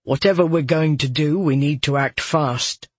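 A man's voice: on the high side, moderate pace, breathy edge, no room sound. A man voicing an apologetic scout who delivers urgent warnings. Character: anxious apologetic male scout.

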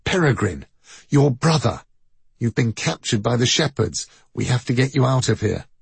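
A man voicing an urgent young male rescuer in a hushed, whispered role-play. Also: mid-range voice, expressive, moderate pace, gravelly, husky, no echo, full character voice.

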